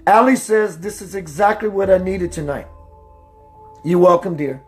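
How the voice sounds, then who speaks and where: A man hosting a spiritual talk radio show, preaching emphatically, slowing down for emphasis and greeting listeners by name. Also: faint music behind. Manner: slows down for emphasis, voice dips low and quiet.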